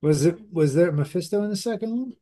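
A man in casual podcast chat, giving short unhurried replies. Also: high-pitched, expressive, warm tone. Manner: unhurried, brief agreeing replies. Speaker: podcast co-host.

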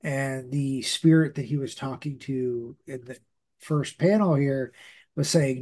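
A man's voice: medium pitch, measured pace, a little mellow. A man hosting a podcast, casually recapping a comic book story with lots of fillers and restarts. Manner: rambling, many fillers and restarts. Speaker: podcast host.

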